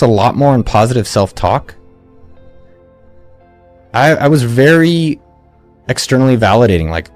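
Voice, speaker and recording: A man in his forties, an entrepreneur giving energetic motivational advice in an interview, often restarting and acting out quotes. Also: mid-range voice, unhurried, pauses often, soft background music. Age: 40s. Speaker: entrepreneur guest.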